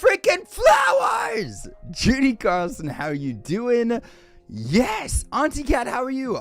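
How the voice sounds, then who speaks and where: A man hosting a live stream, greeting viewers by name in a lively, exclaiming way and chatting casually. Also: high-pitched. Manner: energetic, greets chat by name with loud exclamations. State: a little winded.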